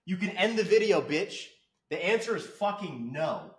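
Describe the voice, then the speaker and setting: Man, fitness coach, profane comic rant, brash and mocking, high-pitched. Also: expressive, moderate pace. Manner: brash, crude, swearing, mocking. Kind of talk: profane comedic rant to camera.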